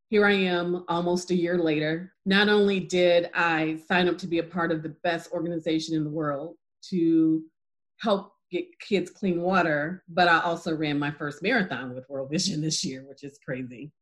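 Animated woman telling her story. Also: moderate pace. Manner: animated storyteller, acts out dialogue with lively pitch jumps; laughs easily. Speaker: interview guest. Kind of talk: casual testimony interview.

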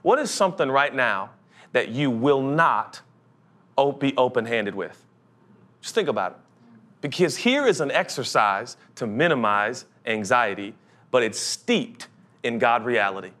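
A young adult man preaching a sermon as pastor, animated, slipping into comic voices and building to an urgent pitch. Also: measured pace.

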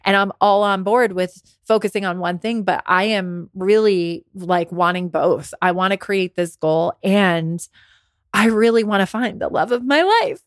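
A podcast host and business coach around forty tells a candid story about herself, mentioning that she feels worn out and under the weather. Speaking at medium pitch and a measured pace, she gets emotional and restarts often, in studio-quality audio with no room sound.

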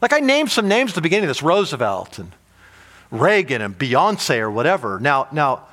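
A male pastor preaching a sermon, animated, asking the audience rhetorical questions and often restarting and repeating words. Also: on the high side, normal speed.

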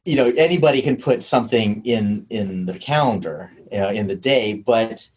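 A man hosting a conversational interview from a dojo, asking probing questions and reflecting with halting restarts. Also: fairly low pitch, a little mellow, husky.

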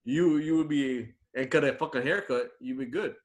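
A man's voice: mid-range voice, moderate pace. A man in casual wrestling chat, blunt and swearing freely.

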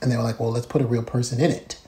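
A man telling a story in casual chat, acting out quotes with big jumps in pitch. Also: level tone, racing, dark tone. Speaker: guest.

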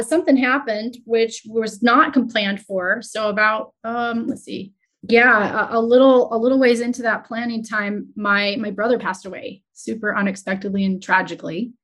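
A woman entrepreneur talking openly as a guest, retelling a stressful stretch in an earnest, emotional, halting way. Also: medium pitch, fairly bright tone. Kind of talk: candid conversational storytelling.

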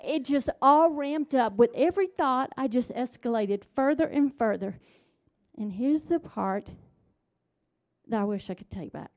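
Middle-aged woman, devotional speaker; unhurried, mellow, a touch high, shifts between hush and emphasis. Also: animated. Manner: storytelling, drops to hushed tones and builds to emphatic points. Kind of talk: devotional talk with personal story.

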